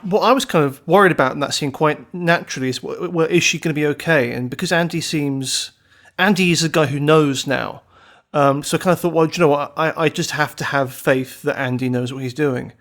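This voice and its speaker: An English man co-hosting a casual podcast, his voice sitting a little high. He talks in long rambling stretches, circling back on himself and swearing freely. Emphatic and chatty throughout. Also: fairly quick, a bit bright. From England. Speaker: podcast co-host. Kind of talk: casual chat.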